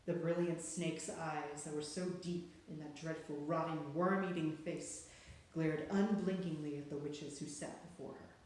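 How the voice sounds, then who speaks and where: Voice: mid-range voice, fairly even intonation, measured pace, a little hiss or hum. Dramatic storybook reader in an echoey room. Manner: dramatic, hushed and then rising with suspense. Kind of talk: storybook read-aloud narration.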